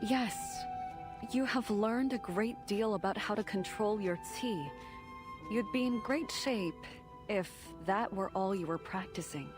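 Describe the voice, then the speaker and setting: An actress playing a calm, wise woman grandmaster who speaks in a measured, gently firm way, in game audio. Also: medium pitch, close to an everyday voice. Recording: game audio with background music.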